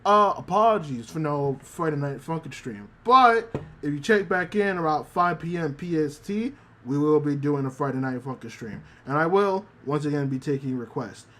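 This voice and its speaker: A man's voice: on the high side, normal speed, slight background noise. A man casually recapping an anime on a livestream, acting out the characters' lines with lots of fillers. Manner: animated retelling, acts out quoted lines; many fillers, excited. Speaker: streamer.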